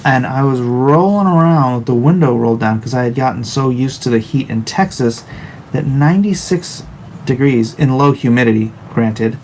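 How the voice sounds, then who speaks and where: A man's voice: medium pitch, darkish tone, a little hiss or hum, rough recording. A man live-streaming while he draws, chatting casually and with a wry tone as he reads chat aloud in his home studio.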